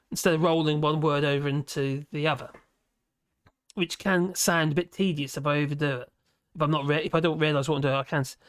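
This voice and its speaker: Streamer rambling through chat comments, lots of ums and restarts, dry close mic, mid-pitched voice. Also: no echo. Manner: rambling, chatty, full of restarts and fillers; laughs often between remarks. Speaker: livestream host. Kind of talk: casual livestream chat, reading viewer comments.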